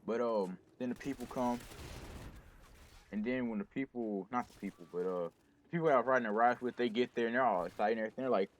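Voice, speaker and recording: A man's voice: medium pitch, fast talker, slight background noise. A young man hosting a gaming channel, casually telling a rambling personal story with lots of restarts and self-corrections.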